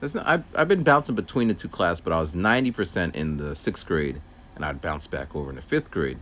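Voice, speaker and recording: A man's voice: sits low, expressive, a little fast, fairly bright tone, slight background noise. A man who works as a teacher's aide, rambling through a casual story outdoors while walking and acting out voices. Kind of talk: casual walking vlog monologue.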